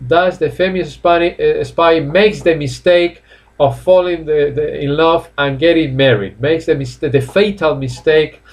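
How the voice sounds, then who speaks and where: A man teaching English in a live online class from home, chatty, repeating each phrase slowly. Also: on the high side, fairly even intonation.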